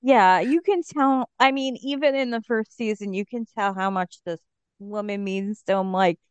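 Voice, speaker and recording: A woman's voice: mid-range voice, fairly even intonation, moderate pace, smooth, no room sound. A woman co-hosting a podcast in casual chat, teasing and nostalgic. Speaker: podcast co-host.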